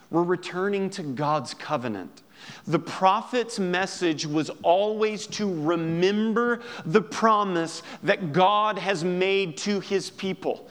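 Male pastor, higher voice, chatty sermon, plays both sides of a dialogue, long hall reverb. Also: moderate pace, a bit bright. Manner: conversational preaching, acts out dialogue, laughs.

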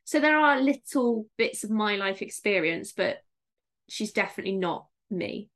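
A woman's voice: mid-range voice, expressive, fairly bright tone. A woman with a Somerset English accent talks in an easy, frank way, joking with the host. She sounds playful and candid, never stiff. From Somerset, England. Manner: frank, playful, quick to laugh. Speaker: author guest. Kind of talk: casual interview chat.

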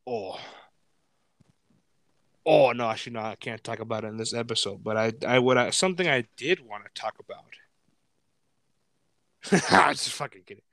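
A man's voice: mid-range voice, moderate pace, vocal fry, pauses often, a bit bright, no echo. A man in his twenties hosting a podcast, telling a rambling story in casual chat, swearing often and filling with "like". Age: 20s. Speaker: podcast host.

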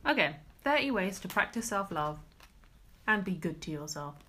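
A woman with a lively, swooping voice, playfully teasing her co-host. She talks casually as a podcast co-host, with a faint hiss in the background. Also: lowish voice, moderate pace. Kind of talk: casual chat.

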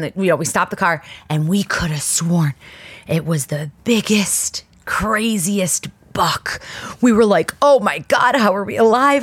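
A woman in her thirties hosting her own podcast, telling stories in a chatty, rambling, animated way full of tangents. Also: low-pitched, no room sound. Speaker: podcast host. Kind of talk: casual storytelling monologue.

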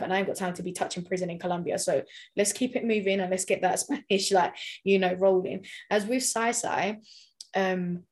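A woman's voice: mid-range voice, moderate pace. A woman in casual chat, talking animatedly and laughing often.

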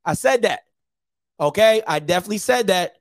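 A man hosts a sports call-in show with a strikingly high-pitched voice. He argues bluntly and hammers his points by saying them over and over. His voice sounds dry and close to the mic. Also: animated, fairly quick, no echo. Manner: blunt, repeats himself for emphasis. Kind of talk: argumentative sports call-in talk.

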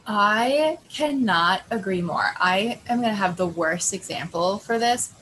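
Bright, easygoing woman podcast co-host. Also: medium pitch, lively intonation, measured pace, a little hiss or hum, rough recording. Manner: easygoing, laughing, self-mocking anecdotes. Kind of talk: casual chat.

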